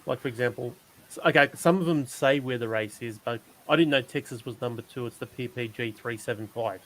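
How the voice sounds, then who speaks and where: A man's voice: mid-range voice, brisk, fairly bright tone, rough recording. A man co-hosting a podcast over an online call, joking around and asking hesitant questions. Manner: jokey, asks questions, hesitant. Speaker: podcast co-host. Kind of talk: casual chat.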